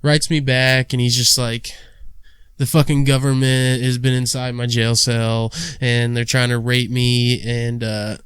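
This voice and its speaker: A man's voice: mid-range voice, little pitch movement, a little slow, fairly bright tone, clean tone, no echo. A young man hosting a casual podcast, telling a crude rambling story and acting out the people in it. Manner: crude rambling storyteller, acts out quoted voices. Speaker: podcast host. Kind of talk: casual chat.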